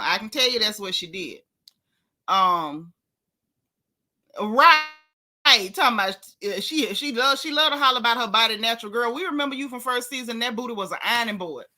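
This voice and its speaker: A woman with a bright, forceful voice pitched a little high hosts a casual gossip vlog. She talks straight to her viewers with sassy, blunt teasing and reads out their comments to answer them. Her tone is chatty and unfiltered.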